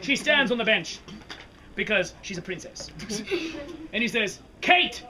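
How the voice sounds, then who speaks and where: A woman narrating a comic Shakespeare story to a live audience, animated and laughing often. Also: medium pitch, unhurried. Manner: animated, laughing, dramatic recitation. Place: outdoor fair stage. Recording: crowd noise from an outdoor fair.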